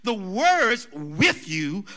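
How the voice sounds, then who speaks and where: A man's voice: high voice, sing-song, drawn-out words, sharp tone. A man preaching a sermon as senior pastor, stretching emphatic phrases into a sing-song preaching cadence. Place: church, streamed virtual worship.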